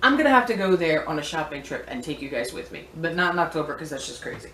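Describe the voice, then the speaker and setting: A low-voiced vintage antiques seller talks fast in a sing-song, sharp tone as she shows off her finds. Chatty, playful and meandering, her casual vlog was recorded in an echoey room with slight background noise.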